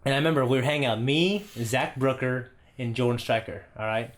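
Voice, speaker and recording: A man in his thirties spins a rambling story from his teenage years, swearing freely and punctuating it with "okay?" and "all right?". His voice sits at an ordinary middle pitch and has a loose, chatty podcast feel. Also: brisk. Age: 30s. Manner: profane, animated anecdote with frequent "okay?" asides. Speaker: podcast co-host. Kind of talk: casual storytelling.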